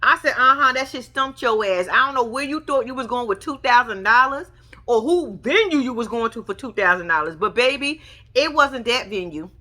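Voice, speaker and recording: Sassy young woman roasting a reality show, high and bright, swoops all over when she mocks folks. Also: brisk. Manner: sassy, animated, mocking imitations. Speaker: reality TV recap vlogger. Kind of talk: casual recap commentary.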